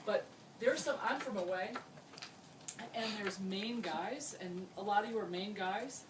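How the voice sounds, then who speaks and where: A woman's voice: mid-range voice, measured pace. Joking woman giving a wedding toast. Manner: joking and chatty, laughing often. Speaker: wedding speech giver, friend of the couple. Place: wedding reception. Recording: distant echoey room, noisy.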